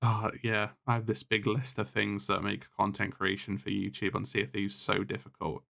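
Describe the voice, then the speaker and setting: Guy with a gravelly low voice, podcast guest, blunt, swears a lot, kinda fed up. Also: completely flat delivery, moderate pace, bright, forceful tone. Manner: blunt, exasperated complaining with frequent swearing. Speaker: podcast guest, content creator. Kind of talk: casual podcast chat.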